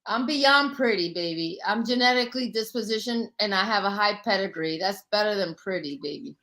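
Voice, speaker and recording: A woman in her forties hosts a heated live panel, speaking bluntly and confrontationally with boastful self-assurance. Her medium-pitched voice is a little fast and a bit bright, and the audio is poor.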